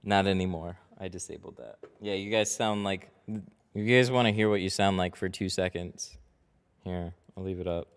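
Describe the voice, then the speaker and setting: Shop owner livestreaming from his tint bay, a low, smooth man's voice with loose, rambling chat and frequent laughs. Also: normal speed. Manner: chatty, rambling, laughs often. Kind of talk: casual livestream chat while working. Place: car tint workshop. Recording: echoey reverberant workshop.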